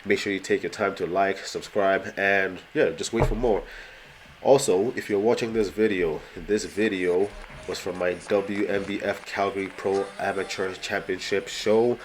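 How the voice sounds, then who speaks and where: Deep-voiced congested man from Canada. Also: fairly even intonation, normal speed, slight background noise. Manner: rambling, many fillers like "you know". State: congested with a cold. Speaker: bodybuilder vlogger. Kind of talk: casual voice-over commentary.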